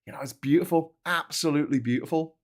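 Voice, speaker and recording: A man's voice: on the high side, fast. A British man hosting a live stream, chatting casually and rambling, with lots of restarts and asides. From Britain. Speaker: host of a live stream show.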